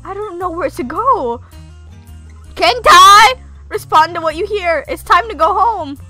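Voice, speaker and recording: A woman commentating her own gameplay, reacting loudly and giggling, sometimes voicing the characters. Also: extremely high pitch, animated, moderate pace, no echo, soft background music. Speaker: gamer. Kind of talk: let's play commentary.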